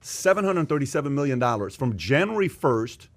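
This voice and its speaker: A man hosting a podcast in casual chat, animated, who repeats his points for emphasis and acts out the voices of people he quotes. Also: medium pitch, a little fast. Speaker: podcast host.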